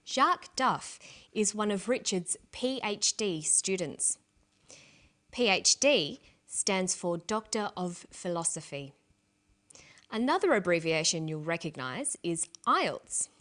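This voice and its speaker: A woman presents an English lesson at an unhurried pace. She speaks deliberately and spells out each letter with care, in a calm teaching manner. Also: fairly low pitch. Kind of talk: scripted language lesson narration.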